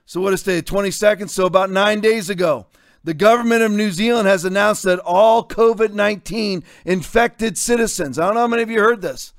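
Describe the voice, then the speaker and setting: A man's voice: high voice, a little fast, dry recording, studio quality. A man in his fifties hosting a talk show, delivering combative, sarcastic commentary. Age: 50s. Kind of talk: opinionated commentary.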